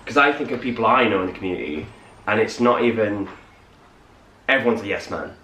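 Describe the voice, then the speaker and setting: A man's voice: fairly low pitch, a little fast. A young man chatting casually, rambling and acting out little quotes. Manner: rambling, animated quoting. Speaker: co-host. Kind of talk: casual morning chat. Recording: roomy, distant mic, faint hiss.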